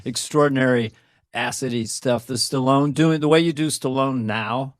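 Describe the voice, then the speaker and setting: A man co-hosting a podcast, chatting in an easygoing, admiring way. His voice sits at a middle pitch. The sound is close and dry, with no room around it. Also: normal speed, no echo. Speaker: podcast co-host. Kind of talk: casual chat.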